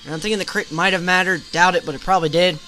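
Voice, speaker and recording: A man with a high, bright voice talks through a game battle in casual commentary. He narrates move by move in a chatty play-by-play. Faint music plays behind him. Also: steady tone, racing. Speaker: gaming channel host.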